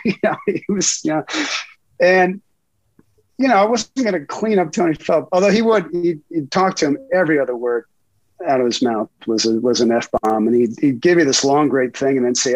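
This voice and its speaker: A man's voice: fairly high pitch, normal speed, no room sound, rough recording. A middle-aged man and guest reporter telling profane anecdotes in a casual interview, laughing often.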